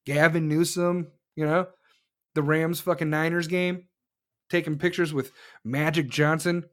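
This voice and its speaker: A man in a heated, profane political rant. His voice sits a little high, and he swears freely and mocks others with shrill impressions.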